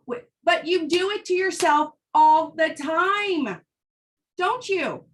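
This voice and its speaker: High-voiced fired-up woman giving motivational talk. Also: slow pace. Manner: fired-up, emphatic, blunt with swearing. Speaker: team leader addressing women in her business.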